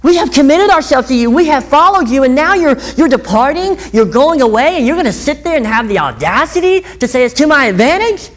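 A woman's voice: high-pitched, very animated, brisk, hardly any pauses, pitched above the performer's own voice. Woman preacher putting on upset male disciples, indignant and protesting.

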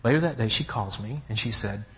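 A pastor preaches a sermon framed as a personal story, speaking conversationally and checking in with his listeners. His fairly low voice runs a little fast and swings from hushed to emphatic.

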